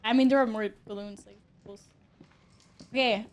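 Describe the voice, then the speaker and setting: A young woman with a high voice talks her way through a live game stream. She reacts on the spot, cursing and yelling at the game when things go wrong. Her commentary is loose, chatty and addressed to her viewers. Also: steady tone, normal speed, slight background noise. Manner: reactive, swears and exclaims often.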